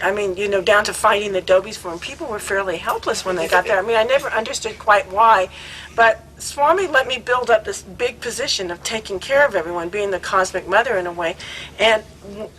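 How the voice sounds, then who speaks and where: A woman casually telling a self-mocking story to friends in a lively way. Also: a little high, a little hiss or hum, rough recording. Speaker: devotee sharing memories.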